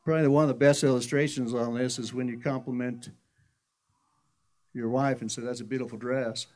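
A man's voice: medium pitch, level tone, brisk, darkish tone. A middle-aged man preaching a sermon in a conversational, folksy storytelling way, often restarting his sentences. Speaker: pastor.

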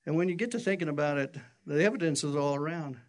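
Preaching at a fast clip, an older pastor spins his stories with animation, his voice jumping high for each quoted line.

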